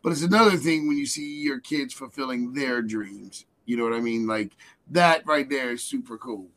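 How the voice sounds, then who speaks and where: A man hosting a radio show, chatting casually and telling a story in an animated, joking way. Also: mid-range voice, normal speed. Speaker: radio host.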